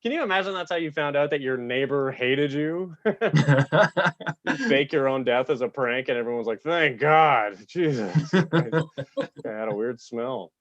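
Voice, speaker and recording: A man's voice: mid-range voice, normal speed, a bit bright, dry recording. A man from Canada doing a stand-up set at an online open mic, with a loose, chuckling delivery and mocking put-on voices. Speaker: stand-up comedian. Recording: dull, muffled sound.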